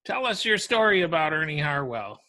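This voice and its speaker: A man's voice: fairly high pitch, very animated, brisk, pushed and bright. A man hosting a podcast and politely interviewing callers about their memories. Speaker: podcast host.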